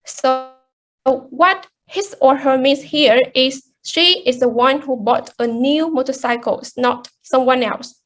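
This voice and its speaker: A woman explains a lesson point slowly and patiently. Her voice sits high, and she restarts phrases often. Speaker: student presenter. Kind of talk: class presentation.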